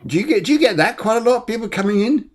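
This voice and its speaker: A man's voice: sits high, expressive, quick pace. A man hosting a live show, chatting casually, laughing often and rambling. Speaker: host and medium.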